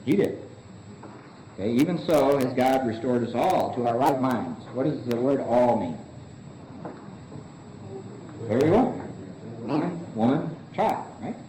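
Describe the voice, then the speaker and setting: A man teaches a recovery book study to a group in a meeting room. His voice is mellow and relaxed, and the recording is roomy and echoey with faint background hiss. He asks the group question after question and answers them himself. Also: mid-range voice, measured pace. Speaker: study leader. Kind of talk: Big Book study lecture.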